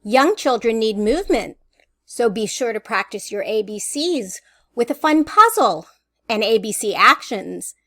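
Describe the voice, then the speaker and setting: A woman presenter giving a clear, deliberate teacherly voice-over narration about early reading. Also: on the high side, expressive, a bit bright. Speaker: assistive technology presenter.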